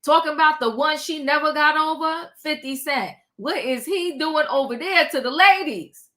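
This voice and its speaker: A woman's voice: high-pitched, normal speed, bright, forceful tone. A woman hosting a casual commentary livestream, chatty and slangy, greeting her viewers and exclaiming as she goes. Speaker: livestream host.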